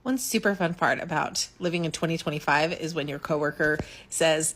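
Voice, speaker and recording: A woman's voice: on the low side, fairly quick, hardly any pauses, sharp tone. A woman telling a comedic skit about a coworker, switching between sarcastic, exasperated replies.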